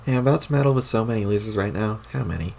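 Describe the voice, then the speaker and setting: A man's voice: lowish voice, lively intonation, rapid-fire, creaky, darkish tone, slight background noise. A man voicing a smug, scheming young female troll while reading a webcomic aloud, with a mocking tone.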